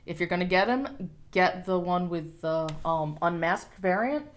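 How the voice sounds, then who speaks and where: A woman's voice: fairly low pitch, expressive, measured pace. A woman co-hosting a casual toy review, chatty, playful and ready with her opinions. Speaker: co-host of a toy review show.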